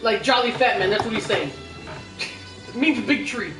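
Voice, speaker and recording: A man's voice: high-pitched, animated, normal speed, recorded from a distance. A man from the US Midwest co-hosting a casual wrestling podcast, with joking, laughing banter. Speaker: podcast co-host. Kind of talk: casual chat. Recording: echoey room from afar, faint music.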